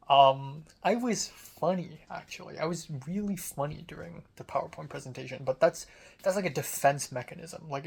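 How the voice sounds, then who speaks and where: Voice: mid-range voice, creaky, a little mellow, husky. Rambling young film student, filler-heavy. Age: young adult. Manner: rambling, heavy use of "like" fillers, casual swearing. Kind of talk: casual storytelling monologue.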